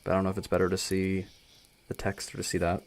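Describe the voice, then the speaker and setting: A man's voice: sits low, completely flat delivery, fast talker. A young man with a dry throat reading a story aloud on a live stream, chatty and joking between passages. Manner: casual, joking, chatty asides.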